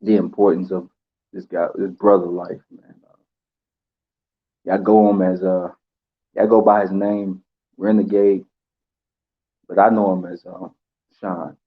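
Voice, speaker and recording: A man giving an emotional tribute, halting with pauses and fillers as he holds back tears. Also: sits low, little pitch movement, narrow, tinny audio. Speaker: channel host.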